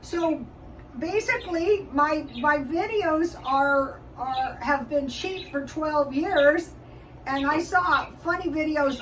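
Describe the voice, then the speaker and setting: A high-voiced older woman rambles slowly through her kitchen routine, stopping often with ums and restarts. She sounds set back from the microphone, with a faint hiss underneath. The tone is a casual home vlog. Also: a bit bright. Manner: rambling, chatty, frequent fillers and restarts. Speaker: YouTube vlogger. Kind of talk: casual cooking and budget chat. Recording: distant mic with faint background noise.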